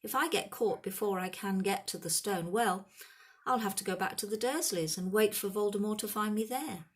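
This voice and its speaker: A woman's voice: mid-range voice, normal speed, voice pushed up, natural voice. Woman reading as an urgent, intense young boy. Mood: impassioned. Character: bold eleven-year-old boy wizard.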